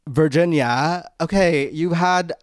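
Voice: medium pitch, slow pace, no room sound, clean studio sound. A podcast co-host reading out listener messages in an upbeat, playful and encouraging way. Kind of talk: casual chat.

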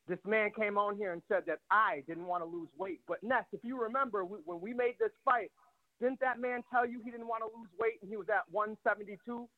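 A high-pitched man in his late thirties on a tinny phone line, out of breath as he calls from a gym. He talks cocky, profane trash in a fast, swaggering way. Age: 30s. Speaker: fighter calling in.

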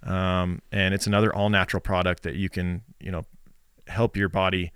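Lower-voiced man, smooth and dry. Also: moderate pace, dry recording. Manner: relaxed, rambling, with fillers and restarts. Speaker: podcast co-host. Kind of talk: casual chat with sponsor reads.

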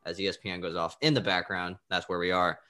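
A man's voice: deep voice, flat delivery, quick pace, sharp tone. A man co-hosting a casual sports podcast over a video call, upbeat and teasing. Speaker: podcast co-host.

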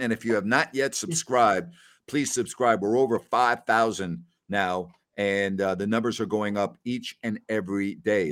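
A man hosting a casual post-game livestream, animated as he reads out viewer comments. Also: lowish voice, normal speed. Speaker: podcast host.

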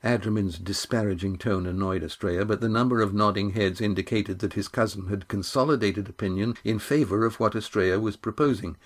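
A man reading a chapter of a novel aloud as narrator, in a measured, unhurried way. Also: lowish voice. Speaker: audiobook narrator. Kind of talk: scripted narration.

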